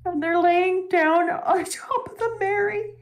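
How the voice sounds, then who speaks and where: A woman in casual chat, recapping a story arc in an animated, emotional way and laughing now and then. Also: extremely high pitch, measured pace.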